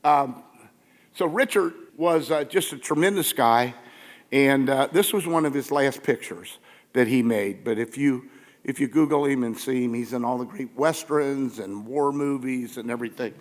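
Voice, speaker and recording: A man's voice: mid-range voice, normal speed. An older man speaking at a conference, telling stories casually to a live audience in a theater, laughing and acting out the lines he quotes. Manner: animated, laughing, acts out quotes. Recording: long reverb from a big hall.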